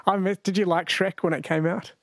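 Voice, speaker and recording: Here a high, steady-toned man talks fairly quickly in a dry recording. He's an Australian radio host running a quiz show, full of casual chat and jokes, laughing often at his studio mic.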